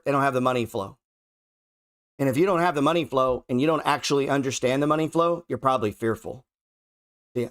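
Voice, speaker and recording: A man hosting a casual trading show, thinking aloud over charts with heavy sarcasm and constant swearing. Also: mid-range voice. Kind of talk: casual market commentary while scrolling charts.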